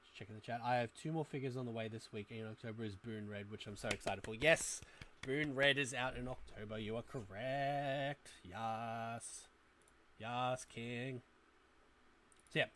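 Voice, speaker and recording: A man in his twenties chats loosely through a toy-collecting livestream. He rambles and mutters little asides to his viewers while he clicks around. His voice sits in an ordinary middle pitch for a man. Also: fairly bright tone, a little hiss or hum. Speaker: toy review livestream host. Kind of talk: casual livestream chat.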